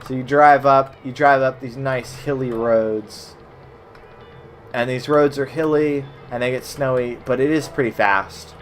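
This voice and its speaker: A man's voice: mid-range voice, fairly even intonation, a little slow, a little hiss or hum. Profane man streaming old web games. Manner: profane, jokey, sudden loud outbursts. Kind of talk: casual gameplay commentary.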